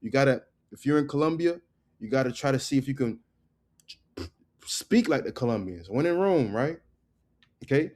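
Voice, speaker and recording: A man teaching a casual online language lesson. He drills words slowly and keeps checking in with "right?" and "okay?". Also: mid-range voice, lively intonation, darkish tone.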